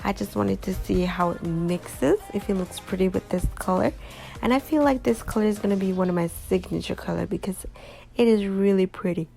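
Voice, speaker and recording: A woman's voice: mid-range voice, brisk, creaky, mellow, faint music behind. A woman talking casually over her video as a small business owner and vlogger, chatting straight to her viewers in a tired, yawning voice. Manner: chatty, addresses viewers directly. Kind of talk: casual voice-over of a craft tutorial.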